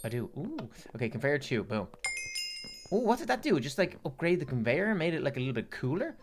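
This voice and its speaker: A woman giving excitable, playful gameplay commentary and talking to her viewers. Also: low-pitched, quick pace, music in the background. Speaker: gaming YouTuber.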